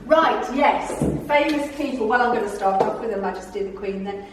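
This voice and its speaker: A woman's voice: on the high side, moderate pace, background noise. Echoey far-off woman storyteller. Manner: chatty, theatrical storyteller who laughs often. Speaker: guest speaker, former tour guide. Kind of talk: humorous anecdotal talk to a club audience. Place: club meeting room. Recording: very echoey room, voice far from mic.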